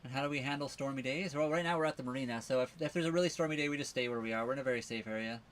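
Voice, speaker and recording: A man's voice: medium pitch, racing. A man co-hosting a casual livestream from his sailboat, answering viewer questions in a rambling way, full of fillers and restarts. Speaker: livestream co-host living on a sailboat.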